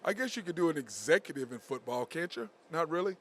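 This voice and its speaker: A man with a somewhat high voice hosting a casual sports talk show. He keeps asking questions and cuts in with his own points. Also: very animated, quick pace, fairly bright tone. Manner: asks questions, interjects. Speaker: host.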